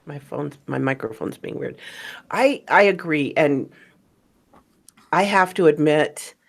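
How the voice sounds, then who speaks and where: A woman who narrates stories, talking casually as host of a chat. Her voice sits low but swings widely in pitch, and she speaks slowly. She rambles and laughs often. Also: expressive, gravelly.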